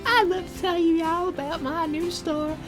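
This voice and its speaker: A woman's voice: steady tone, normal speed, over music. A woman voicing a cheery Southern country woman who sells butterscotch, delivering an improvised mock radio ad in a put-on American Southern accent. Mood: perky salesy. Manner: bubbly sales-pitch delivery.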